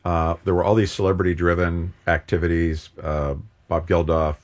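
A man's voice: deep voice, level tone, moderate pace. An older man who founded a hunger charity, talking modestly and at length in a casual interview. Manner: modest, reflective, speaks in long explanations.

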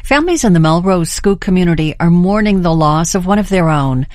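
Steady woman local newsreader. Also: on the low side, fairly quick, dry recording, clean studio sound. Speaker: local newscaster. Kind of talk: local news and weather reading.

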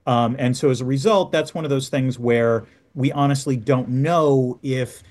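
Male guest expert, analytical, measured delivery. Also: medium pitch, a little mellow. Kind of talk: radio interview.

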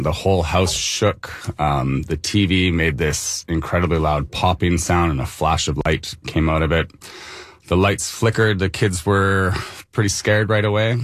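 Deep-voiced man recounting events casually. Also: no room sound, clean studio sound. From Canada. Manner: conversational, with fillers and light laughs. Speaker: local resident interviewed. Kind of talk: phone-in radio interview.

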